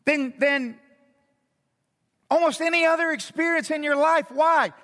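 High-pitched, slow-preaching male pastor. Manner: animated, acts out quotes with sudden swings in pitch and loudness. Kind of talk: sermon. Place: church sanctuary. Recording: long hall reverb.

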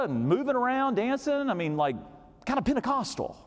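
A middle-aged man preaching a sermon as a story, swinging from hushed, low passages to loud, excited ones. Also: brisk. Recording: long reverb of a large hall.

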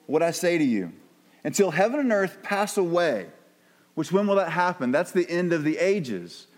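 A man's voice: high-pitched, animated, moderate pace. A male pastor preaching a sermon in a conversational, emphatic way, repeating words for stress. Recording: long hall reverb.

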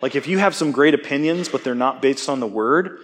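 A man giving a conversational sermon, relaxed and self-deprecating, often checking in with his listeners. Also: medium pitch, fairly quick, a little hiss or hum. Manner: casual, self-deprecating, asks "okay?" often. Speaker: preacher.

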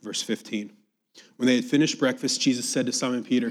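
A man preaching a sermon, reading scripture aloud with emphasis and dropping to a hushed, quiet voice to reflect on it. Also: medium pitch, fairly even intonation, fairly quick, slight background noise.

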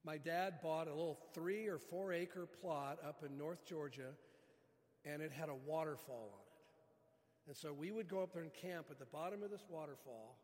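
A man's voice: fairly high pitch, normal speed, darkish tone, in a large hall. A man preaching a sermon as pastor, earnest, stretching key words for emphasis.

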